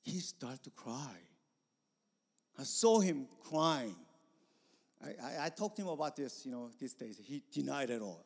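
A man preaching a sermon as pastor, animated, with sudden loud bursts. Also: mid-range voice, slow, vocal fry, breathy edge, long reverb tail.

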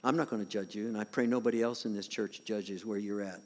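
An older man preaching a sermon as pastor of a church, swinging from loud emphatic points to soft whispered asides. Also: fairly low pitch, fairly even intonation, fast talker, hardly any pauses, big-room sound.

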